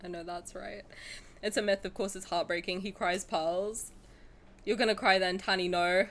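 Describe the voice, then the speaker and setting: A woman, chatting casually on a stream, excitable and dramatic, rambling between topics. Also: lowish voice, moderate pace, slight background noise.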